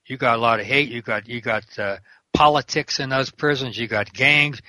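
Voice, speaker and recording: A man's voice: medium pitch, sharp tone, no echo. An older man, a prison minister and guest, talking fervently in an interview and quoting scripture verse by verse. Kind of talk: preaching interview talk.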